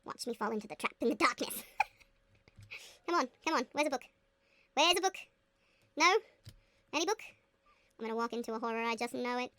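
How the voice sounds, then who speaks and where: This woman's high, sharp-toned voice moves at a moderate pace with frequent pauses, captured in a dry recording. A gaming booktuber, she chats and giggles to herself as she plays, occasionally putting on a playful accent for casual commentary.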